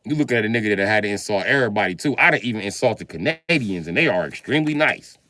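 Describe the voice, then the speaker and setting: Low-voiced guy ranting on his stream, swears a lot, bright punchy tone, dry close mic. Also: fast, no echo. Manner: profane, animated, laughing between remarks. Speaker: live streamer. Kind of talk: casual live-stream rant.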